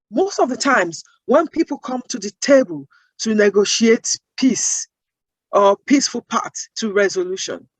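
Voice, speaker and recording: A woman's voice: medium pitch, no room sound, low-quality recording. Earnest woman making emphatic points. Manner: emphatic, builds points with rhetorical questions. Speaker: guest, accent-bias advocate. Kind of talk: interview answers.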